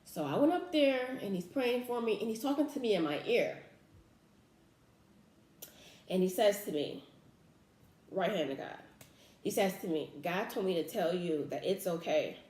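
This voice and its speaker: A woman's voice: medium pitch, expressive, normal speed, a little mellow, roomy sound. A young woman vlogger telling a personal faith story in casual talk, earnest and emotional, full of fillers and restarts.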